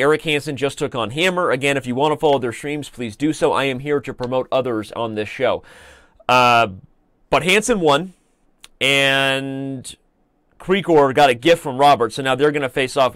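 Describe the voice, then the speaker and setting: A man's voice: medium pitch, a bit bright, no room sound. Chatty man commenting on live chess. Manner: chatty and joking, with playful asides. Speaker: chess commentator and show host.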